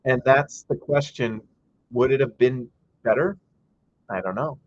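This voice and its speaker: A man's voice: mid-range voice, a little slow, lo-fi sound, a little hiss or hum. A man hosting a casual live game-watch stream, chatty and reading viewer comments aloud, breaking into frustrated rants. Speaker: livestream host.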